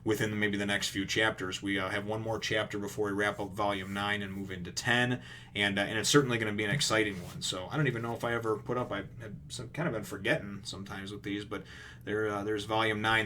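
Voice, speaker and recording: A man's voice: lowish voice, fast talker, slight background noise. A man casually recapping a comic chapter on his video channel, rambling and swearing as he retells it. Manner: rambling, profane, animated retelling. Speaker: comic review vlogger.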